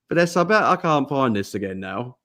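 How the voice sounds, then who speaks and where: A man's voice: medium pitch, bright, forceful tone. Chatty man hosting a podcast. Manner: chatty, laughing, mimics accents. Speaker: podcast host. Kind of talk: casual chat.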